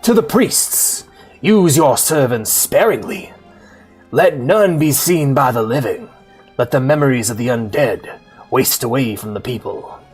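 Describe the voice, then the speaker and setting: A man putting on a slow, drawling preacher voice for a grandiose male necromancer lord reading a sermon. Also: mid-range voice, lively intonation, a little mellow, husky, soft background music. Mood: menacing.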